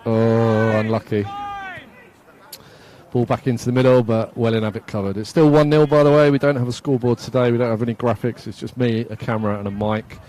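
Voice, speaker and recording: A man's voice: mid-range voice, fast talker, darkish tone. Chatty man commentating a football stream. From England. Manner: chatty, self-mocking, laughs often. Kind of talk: casual football commentary reading chat comments. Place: outdoors at a football pitch.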